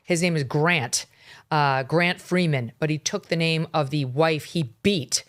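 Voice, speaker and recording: Low-voiced woman host. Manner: measured, adds clarifying facts. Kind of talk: talk show interview.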